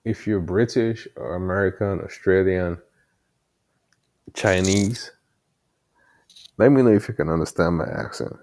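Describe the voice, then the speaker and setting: A man's voice: sits low, measured pace, gravelly, long pauses, darkish tone. A man with an African accent, rambling casually to himself while coding late at night, with many fillers and mild cursing, his headset mic sitting far from his mouth. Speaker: developer vlogger. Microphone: headset mic held far from mouth.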